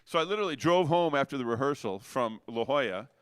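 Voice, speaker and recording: A man's voice: medium pitch, expressive, fast, fairly bright tone, smooth, no echo, studio quality. A middle-aged man, a jazz saxophonist, telling rambling stories in a casual interview. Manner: rambling anecdotal storyteller with frequent restarts.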